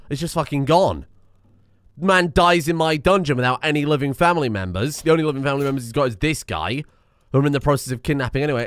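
A young man talks through his strategy game as he plays, muttering to himself and swearing as things go wrong. His voice sits at an ordinary middle pitch. The recording is close and dry, with no room sound around him. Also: no room sound. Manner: talks to himself while playing, swearing and exasperated. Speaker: let's play streamer. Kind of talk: live gameplay commentary.

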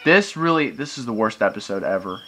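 Exasperated young male gamer, lively pitch. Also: brisk. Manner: exasperated ranting, frequent exclamations. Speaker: let's play gamer. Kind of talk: gameplay commentary. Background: video game music.

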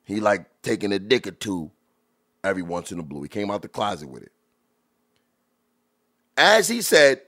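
New guy hosting a podcast, voice jumping all over, laughing at old rap clips. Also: on the low side. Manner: animated, laughing, drawn-out exclamations. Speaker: podcast host. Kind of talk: casual commentary reacting to music videos.

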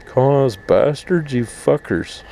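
A man's voice: mid-range voice, expressive, unhurried, creaky, warm tone, a little hiss or hum, poor audio. A man ranting angrily to camera outdoors, swearing constantly and mocking people in put-on voices. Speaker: vlogger, full-time RVer. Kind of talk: profane rant to camera. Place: outdoors at an RV park.

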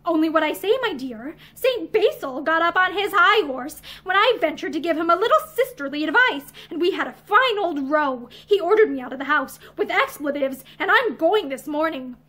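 A woman's voice: extremely high pitch, expressive, moderate pace, few pauses, sharp tone, full character voice. A woman voicing a worldly young woman, breezy and mocking.

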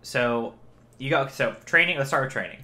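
A man's voice: mid-range voice, lively intonation, moderate pace, sharp tone. A man co-hosting a podcast in casual comedic banter, riffing earnestly and thinking aloud. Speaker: podcast co-host.

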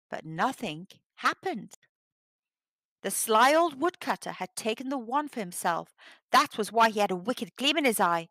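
Storyteller, female, fairly high voice, animated delivery, dry close sound, children's read-aloud. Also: moderate pace, no echo.

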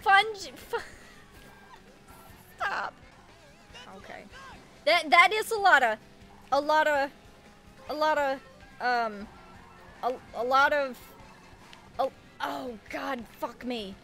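A young woman streaming a racing game, swearing, laughing and yelling at her opponents as she plays. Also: high voice, slow pace, long pauses, faint music behind. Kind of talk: live gaming commentary.

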